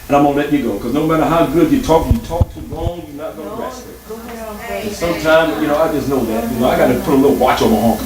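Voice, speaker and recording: A man preaching a guest sermon, animated and playful, breaking into song, shouts and laughter. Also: a little high, fast, a crowd in the background. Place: church sanctuary. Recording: echoey church hall, mic at a distance, congregation. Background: congregation responding.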